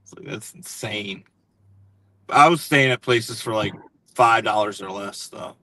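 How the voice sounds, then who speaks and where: A man with a bright, forceful voice talks in a loose, rambling way, laughing at his own stories. This is casual chat on a live stream, where he is one of the guests. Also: on the low side, a little slow, slight background noise.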